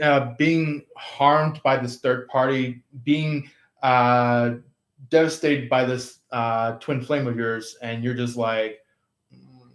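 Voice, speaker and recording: A man giving a casual tarot reading, rambling and halting with many fillers. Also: mid-range voice. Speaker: tarot reader. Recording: roomy echo.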